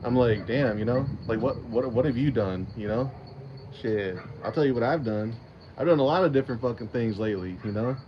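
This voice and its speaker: A man's voice: mid-range voice, fairly quick, dull audio, a little hiss or hum. Profane, rambling man on a casual stream. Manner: rambling, profane, laughs often. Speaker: channel host. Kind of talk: casual livestream chat.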